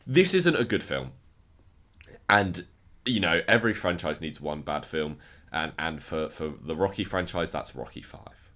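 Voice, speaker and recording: A man's voice: deep voice, animated, measured pace, a bit bright. A man casually ranking films in a review video, enthusiastic and often repeating words as he restarts his sentences. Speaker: film reviewer.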